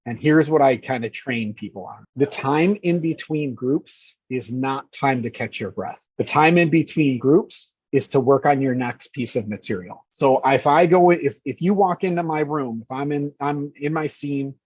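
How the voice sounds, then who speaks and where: A man's voice: medium pitch, normal speed, few pauses, darkish tone, husky, no echo, lo-fi sound. A man who manages scare actors, talking casually and energetically in an interview, swearing freely and acting out lines.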